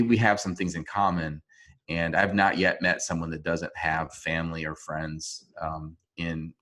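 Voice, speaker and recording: A man answering interview questions over a video call, earnest and halting, with frequent restarts. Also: rumbling low, fairly bright tone. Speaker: interview guest. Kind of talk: remote interview.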